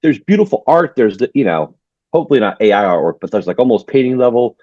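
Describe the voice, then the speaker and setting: A man's voice: medium pitch, very animated, quick pace, warm tone, no echo. A man co-hosting a comics podcast in casual conversation, talking with hesitant restarts. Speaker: podcast co-host. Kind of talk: casual chat. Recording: dull lo-fi mic.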